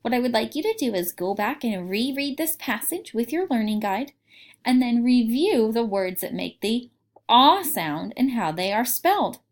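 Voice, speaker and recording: A woman teaching young children a phonics lesson, reading aloud and sounding out words clearly. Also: a little high, sing-song, normal speed.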